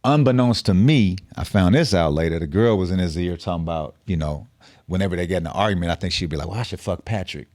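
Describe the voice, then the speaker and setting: A man's voice: low voice, fast, a little mellow, no room sound, studio quality. A middle-aged man telling a story on a podcast, casual and profane with street slang. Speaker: podcast guest.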